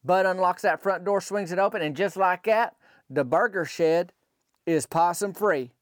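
A man's voice: high voice, moderate pace, no echo, clean studio sound. A man telling a folksy comic story in a rambling, colloquial way, full of asides. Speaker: podcast storyteller.

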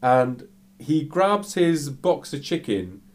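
A man casually telling a story, animated and full of fillers. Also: fairly high pitch, slow.

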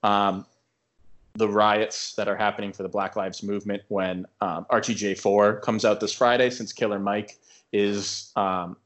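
A man's voice: on the low side, level tone, measured pace, fairly bright tone. Rambling young man telling a story. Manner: rambling, lots of filler likes and restarts. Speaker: podcast co-host. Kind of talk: casual storytelling chat.

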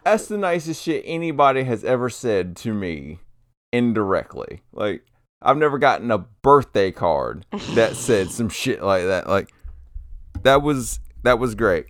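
A man's voice: medium pitch, big pitch swings, a little slow, no room sound. A man co-hosting a casual podcast, laid-back and swearing casually, often trailing off and restarting. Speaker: podcast co-host.

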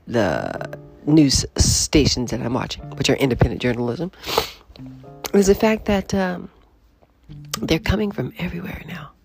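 Animated woman hosting a solo podcast. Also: extremely low pitch, vocal fry. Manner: animated, laughing, rambling with restarts. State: morning voice. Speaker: podcast host. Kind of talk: casual solo commentary.

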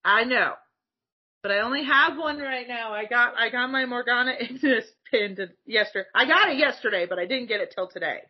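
A woman chatting casually and excitedly about a cartoon series, laughing often and swearing freely. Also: on the high side, a little fast, breathy edge. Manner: giggly, animated, swearing freely. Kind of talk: casual fan chat. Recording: dull lo-fi sound.

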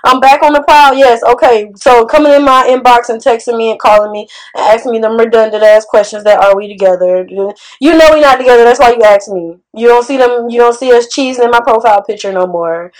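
A woman hosting a podcast, talking in a sassy, animated, conversational way. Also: fairly high pitch, a little fast, hardly any pauses, rough recording. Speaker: podcast host. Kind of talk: casual podcast chat.

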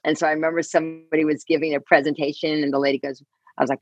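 Woman, middle-aged, deep breathy voice, dry muffled call sound, animated. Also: rapid-fire, no echo. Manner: animated, acts out quoted voices. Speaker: guest. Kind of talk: casual interview storytelling. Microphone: earbud.

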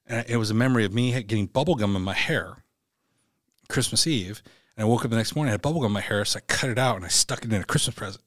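A man's voice: lowish voice, very fast, a bit bright, no echo, studio quality. A man, a podcast guest, telling a vivid, profane story and acting out the voices in it. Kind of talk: animated storytelling.

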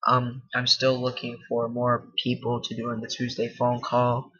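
Guy rambling on his own little podcast, bright pushy voice, dull lo-fi sound from a computer mic across the room. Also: mid-range voice, completely flat delivery, moderate pace, slightly rough. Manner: rambling, self-deprecating, raising his voice. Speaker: podcast host. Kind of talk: casual solo podcast monologue.

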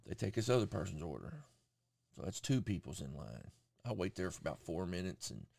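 A man's voice: sits low, fairly quick, creaky, breathy edge, no room sound, studio quality. A man hosting a podcast, casually telling a profane story and acting out what people said. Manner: profane, animated storyteller who acts out quotes. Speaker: podcast host.

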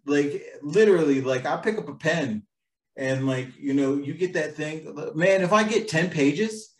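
A man's voice: a little high, a little slow, echoey room, far from the mic, rough recording. A man co-hosting a casual chat about screenwriting, rambling with many fillers and restarts. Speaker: podcast co-host, screenwriter.

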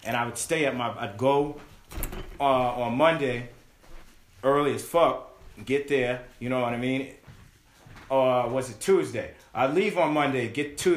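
A man telling a story in a casual chat, acting out the voices of the people in it and swearing freely. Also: mid-range voice. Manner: animated, acts out voices in quotes, swears freely. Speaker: podcast guest telling a story. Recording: echoey room.

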